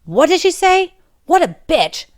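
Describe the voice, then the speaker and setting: A woman's voice: mid-range voice, expressive, moderate pace, lightly acted. A woman voicing a furious teenage boy who hurls accusations in a retold story. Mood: angry. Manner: accusing, indignant. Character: angry teenage boy lashing out.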